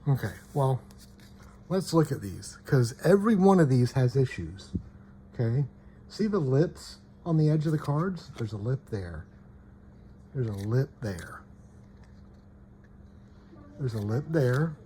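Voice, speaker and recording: A man's voice: medium pitch, lively intonation, takes it slowly, pauses often, mellow, a little hiss or hum. A man casually showing trading cards, often checking "okay?" and trailing off mid-sentence. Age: adult parent. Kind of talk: casual show-and-tell.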